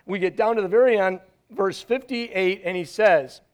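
High-pitched guy preaching, chatty but emphatic, pauses for effect. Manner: emphatic, conversational, with dramatic pauses. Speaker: pastor. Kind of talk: sermon.

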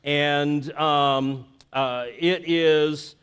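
A middle-aged man from Florida, giving a conversational sermon as pastor, halting with many fillers and restarts. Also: fairly high pitch, steady tone, fairly bright tone, clean tone.

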